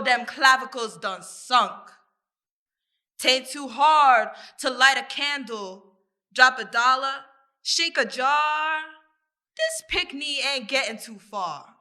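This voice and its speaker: Woman poet, spoken-word recital; high, crisp and bright, unhurried, rhythmic delivery. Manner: rhythmic, deliberate, repeating phrases. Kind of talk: spoken-word poetry performance.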